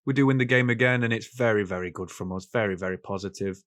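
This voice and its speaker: A man's voice: fairly low pitch, fast, fairly bright tone, no room sound, clean studio sound. A young man, chatting casually and self-deprecatingly through his football game footage. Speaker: gaming YouTuber. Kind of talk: casual gameplay commentary.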